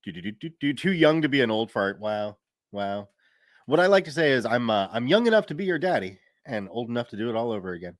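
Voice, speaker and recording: A man's voice: medium pitch, very animated, fast talker, no room sound, clean studio sound. A man in his thirties chatting casually on a live stream, reading viewer comments aloud and laughing easily. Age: 30s. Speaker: streamer and story reader.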